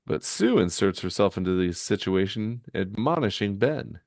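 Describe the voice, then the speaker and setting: A man co-hosting a podcast, reading a comic aloud with animated, incredulous asides. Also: fairly low pitch, moderate pace, few pauses, no echo, studio quality. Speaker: podcast co-host.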